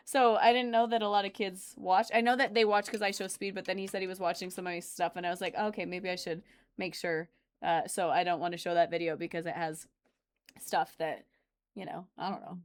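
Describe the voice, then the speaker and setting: A woman's voice: medium pitch, normal speed, clean tone. A woman chatting casually on a live stream, rambling and answering viewer comments as she goes. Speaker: streamer reacting to videos.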